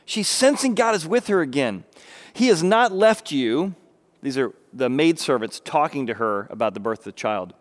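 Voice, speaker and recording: A man's voice: medium pitch, very animated, brisk, few pauses. Emphatic male preacher asking rhetorical questions. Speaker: pastor. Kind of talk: sermon.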